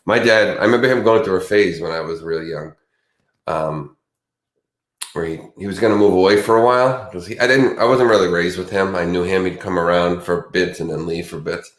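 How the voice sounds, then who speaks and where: A man co-hosting a podcast, chatting casually and rambling through halting, self-reflective stories. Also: deep voice. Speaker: podcast co-host. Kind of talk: casual chat. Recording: roomy echoey room.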